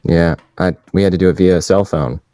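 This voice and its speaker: Male actor as a deep-voiced, dim newlywed guest; slow, earnest, halting delivery. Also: steady tone, dark tone, no room sound, lightly acted. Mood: sheepish. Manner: speaks slowly with halting restarts. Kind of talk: improvised comedy.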